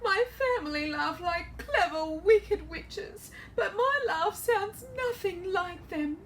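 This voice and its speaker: A woman's voice: very high-pitched, lively intonation, slow pace, a bit bright, a little hiss or hum, pitched above the performer's own voice, full character voice. A woman voicing a sad little girl witch who is crying and wailing as she complains. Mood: sobbing. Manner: wailing, rising to squeals. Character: sad little girl witch, sobbing over her laugh.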